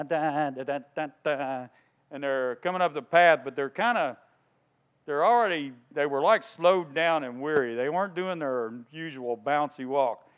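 Clear and resonant, this man's slightly high voice delivers a sermon. The pastor tells a story with liveliness, stopping to ask his listeners questions.

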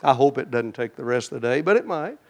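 A man preaching a sermon in a folksy way, talking straight to his congregation and swinging between loud, emphatic lines and hushed, prayerful ones. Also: medium pitch, lively intonation, fast. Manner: folksy, addresses the congregation directly.

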